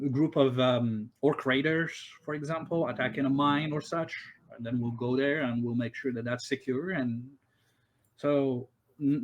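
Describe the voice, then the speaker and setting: A man runs a tabletop game at an ordinary middle pitch. He talks haltingly, full of fillers and restarts, answering the players as the characters they meet. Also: muffled recording. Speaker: game master.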